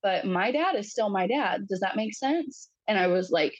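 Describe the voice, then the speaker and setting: Husky-voiced woman telling a personal story. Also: medium pitch, expressive, no room sound, highs cut off. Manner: halting, frequent fillers, acts out quoted voices. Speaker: podcast guest.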